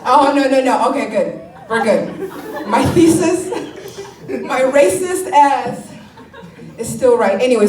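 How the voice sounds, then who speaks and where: A woman performing a stand-up comedy set, animated and laughing often, swearing and mocking what people say. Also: mid-range voice, echoey room, far from the mic, slight background noise, poor audio.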